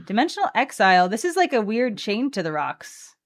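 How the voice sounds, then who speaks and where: A woman's voice: mid-range voice, very animated, a little fast. A woman co-hosting a card game stream, chatting playfully and reading card text aloud. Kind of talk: casual chat opening card packs.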